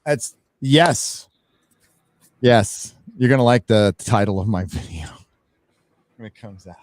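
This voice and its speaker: A man's voice: lowish voice, animated, slow pace, a little mellow, no echo, clean studio sound. A man hosting a live stream, chatting casually and bluntly with lots of swearing while reading out donations. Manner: blunt and profane, reads out donations. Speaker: host.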